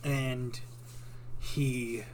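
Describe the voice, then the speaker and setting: A man narrating a tabletop game as game master, in an unhurried, rambling way with many fillers. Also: mid-range voice, level tone, a little mellow, a little hiss or hum.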